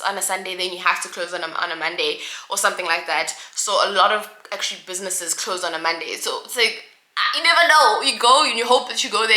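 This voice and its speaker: A young woman vlogging with a very bright, sharp voice, venting in a casual, exasperated rant full of restarts and repeated words. The sound is roomy and echoey. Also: mid-range voice. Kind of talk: casual ranting vlog. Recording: roomy echo.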